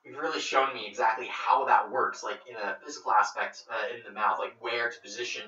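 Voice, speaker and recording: A man's voice: on the low side, steady tone, brisk, bright, forceful tone. A man hosting a podcast in casual chat, rambling and laughing a lot. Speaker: podcast host. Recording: roomy, distant, dull recording.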